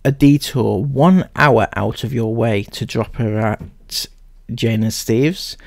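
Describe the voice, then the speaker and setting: A man's voice: mid-range voice, slow, gravelly, a little mellow, no echo, studio quality. A man hosting a sarcastic commentary, speaking straight at the people he mocks with open skepticism. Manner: mocking, skeptical, addresses subjects directly. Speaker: commentary host.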